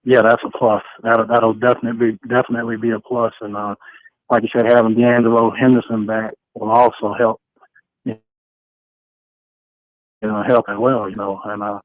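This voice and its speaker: A man calling in to a sports radio show, friendly and halting, often repeating himself. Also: lowish voice, little pitch movement, dry recording. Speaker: caller. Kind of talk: phone-in question. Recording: tinny phone line.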